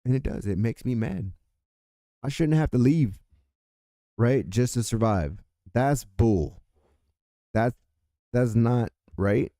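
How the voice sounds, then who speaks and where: Male political commentator from California, heated profane rant, mid pitch, dry. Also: expressive, slow, pauses often, dark tone, no room sound.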